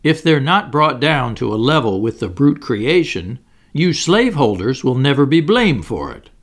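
A man's voice: medium pitch, very animated, normal speed. A man reading the part of an earnest carpenter who argues grave moral points. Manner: grave, preaching.

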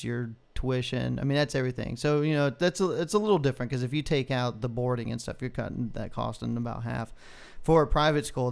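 A man's voice: medium pitch, creaky, clear, resonant tone. A man co-hosting a podcast, reeling off numbers in an emphatic, profane way. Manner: emphatic, profane, reciting figures. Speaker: podcast co-host. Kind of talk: casual chat.

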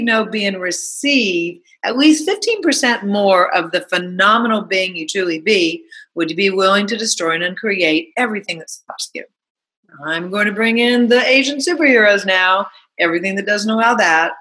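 A bright, clear-toned woman talks straight to her listeners in a motivational monologue. She keeps things chatty and animated, piling up rhetorical questions and acting out little stories. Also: mid-range voice, normal speed, low-quality recording. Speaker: self-help talk host.

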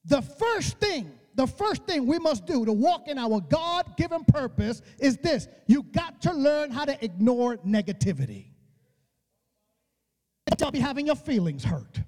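A male preacher giving an emphatic, colloquial sermon, acting out dialogue and rising to shouts. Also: extremely high pitch, very animated, measured pace. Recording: long reverb of a church hall.

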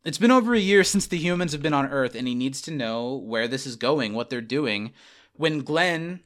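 A man's voice: medium pitch, lively intonation, a bit bright. A man hosting a podcast, casually recapping a TV episode in chatty fashion over a remote call. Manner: chatty, retelling scenes with quick quoted voices. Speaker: podcast host. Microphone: remote call mic.

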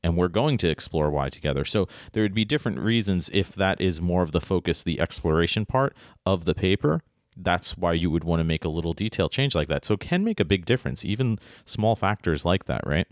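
A man with a very deep voice talks through a writing lesson in a relaxed, chatty way, stopping often to ask "right?" The sound is dry and close, with no room echo at all. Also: fairly quick. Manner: conversational, frequent "right?" and restarts. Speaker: writing teacher. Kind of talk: casual spoken lesson.

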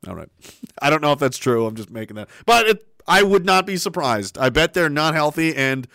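Livestream host, male, slightly high voice, lively swinging delivery, dry close sound, crude sarcastic banter. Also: fairly quick, gravelly, dry recording. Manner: animated, crude, sarcastic, laughs often. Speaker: livestream host reading chat. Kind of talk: casual ranting livestream chat.

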